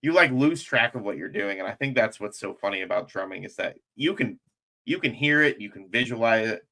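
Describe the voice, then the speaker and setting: A man hosting a podcast, chatting casually and telling lively stories in which he acts out what people said. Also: fairly low pitch, a little fast, vocal fry. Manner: animated storyteller, acts out quotes. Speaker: podcast host.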